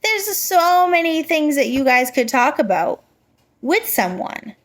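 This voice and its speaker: A woman giving a slow, clear, encouraging lesson to young children, full of simple examples. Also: sits high, big pitch swings. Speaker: teacher.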